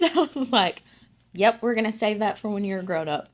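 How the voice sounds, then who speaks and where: Woman in her 30s cohosting a podcast, animated storytelling, cussing casually. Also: medium pitch, moderate pace. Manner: animated storytelling, acts out quotes, swears freely. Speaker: podcast co-host. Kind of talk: casual chat.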